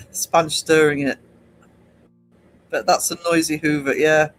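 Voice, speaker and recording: Slow, high-voiced man chatting. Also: little pitch movement, fairly bright tone, faint music behind, low-quality recording. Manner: rambling, chuckling, reads chat aloud. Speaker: livestream host. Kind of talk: casual livestream chat.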